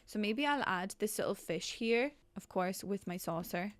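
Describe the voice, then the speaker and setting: A young woman giving casual commentary while building in a life-sim game, excitable and self-mocking, laughing often. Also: medium pitch, normal speed, background noise.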